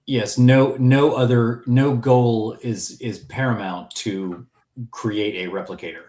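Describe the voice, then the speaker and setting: A man's voice: mid-range voice, steady tone, slow pace, warm tone, echoey room. A man co-hosting a fan podcast in casual chat, enthusiastic and joking, with frequent restarts. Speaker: podcast co-host.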